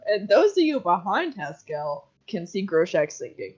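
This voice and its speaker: A woman's voice: on the low side, very animated, normal speed, a little mellow, breathy edge. A woman running a tabletop game as game master, narrating loosely with lots of giggles and fillers. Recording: dull lo-fi mic.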